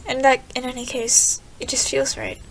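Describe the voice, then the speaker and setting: A woman's voice: high-pitched, sing-song, moderate pace, a bit bright, slight background noise. A young woman gaming creator reading a visual novel aloud, trailing off and restarting her sentences. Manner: reads game text aloud, trailing off and restarting.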